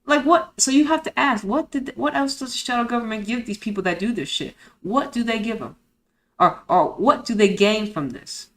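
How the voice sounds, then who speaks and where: A woman's voice: fairly high pitch, lively intonation, normal speed, fairly bright tone. A woman streamer reads a report aloud and breaks off into blunt, profane, indignant commentary full of rhetorical questions and street slang. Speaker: streamer host.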